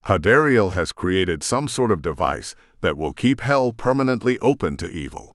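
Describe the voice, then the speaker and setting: A man voicing a steady, matter-of-fact female soldier briefing on an attack in an audiobook. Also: deep voice, moderate pace, no echo, clean studio sound, exaggerated voice. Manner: steady, explanatory.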